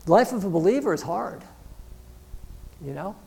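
With a high, gravelly, dark-toned voice, lively intonation and a moderate pace, a pastor preaches earnestly and conversationally. He frequently says "you know" and slips into the voices of imagined believers.

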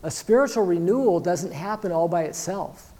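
This pastor's sermon comes in a high-pitched, warm, animated voice at a moderate pace. He's earnest and conversational, acting out imagined believers and repeatedly saying "you know."

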